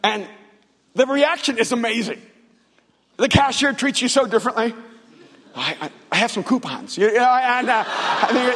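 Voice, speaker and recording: A man preaching a sermon, telling stories with acted-out dialogue and building to loud, fervent passages. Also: very high voice, animated, moderate pace. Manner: storytelling with acted-out dialogue, rising to shouts. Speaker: pastor. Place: large church hall. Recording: long hall reverb.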